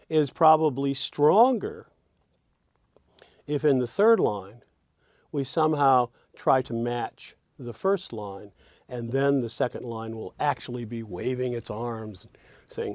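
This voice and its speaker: Slow, reflective man teaching songwriting. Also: medium pitch, darkish tone, no room sound, clean studio sound. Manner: reflective, sings rhythm syllables. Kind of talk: lecture.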